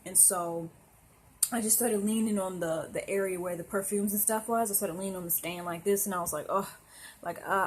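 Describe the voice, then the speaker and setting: A woman's voice: on the low side, a little hiss or hum. A young woman telling a personal story to camera in a casual, emotional, rambling way, with lots of fillers and restarts. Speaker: vlogger.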